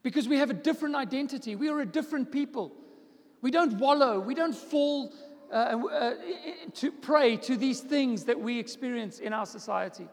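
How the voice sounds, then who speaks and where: A man's voice: extremely high pitch, normal speed, big-room sound. A man, a pastor, preaching a sermon with emphatic repetition.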